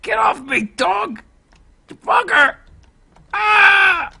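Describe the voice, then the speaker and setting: A gamer giving let's-play commentary, swearing, yelling and laughing at the game. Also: high-pitched, huge pitch swings, measured pace, slightly rough.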